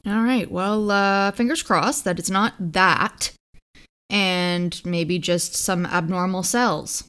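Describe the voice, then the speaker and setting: A woman co-hosting a podcast in casual chat, sarcastic and quick to laugh. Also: lowish voice, a bit bright, smooth. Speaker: podcast co-host.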